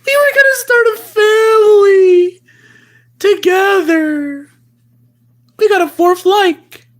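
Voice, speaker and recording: A woman's voice: very high voice, slow. A woman voicing a lovesick male plush toy with an overdramatic, wailing, gushing manner, acted for a comic live-stream skit.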